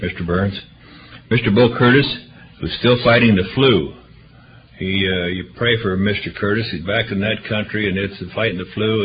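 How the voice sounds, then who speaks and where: A man serving as church deacon, reading out prayer requests and announcements in a rambling, chatty way with frequent hesitations. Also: fairly low pitch. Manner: rambling, chatty, self-correcting with many uhs. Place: church meeting room. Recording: muffled livestream audio with faint hiss.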